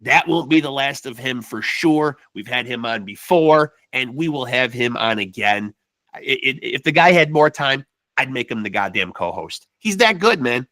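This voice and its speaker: Bright-voiced casual podcast host man. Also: medium pitch, expressive, normal speed, no room sound. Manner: loose, profane, drops "man" constantly.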